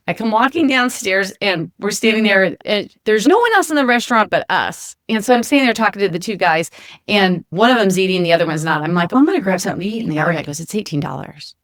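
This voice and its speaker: Quick-paced female podcast co-host, animated storyteller, dry close sound. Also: mid-range voice, no echo. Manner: animated storyteller acting out quoted voices. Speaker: podcast co-host, flight attendant. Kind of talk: casual storytelling chat. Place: home kitchen.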